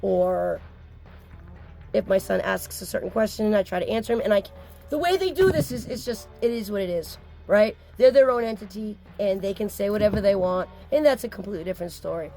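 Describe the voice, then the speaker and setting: A woman speaks to camera in an emotional personal vlog, her medium-pitched voice fairly quick, gravelly and dark-toned. As a mother speaking out, she is upset, insistent and blunt, swearing now and then. Soft music plays behind her.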